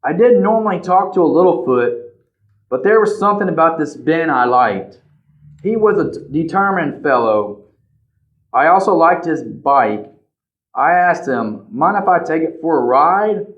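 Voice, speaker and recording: A man voicing a friendly, shy male Bigfoot in a calm, gentle way in a children's storybook read-aloud. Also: on the high side, a little slow, reverberant. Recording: slightly dull lo-fi recording.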